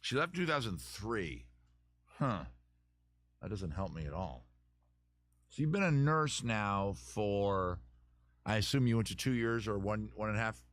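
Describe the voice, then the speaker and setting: A man's voice: on the low side, lively intonation, measured pace, pauses often, fairly bright tone, dry recording. A man hosting a live advice stream, chatting casually and joking as he thinks aloud with many restarts.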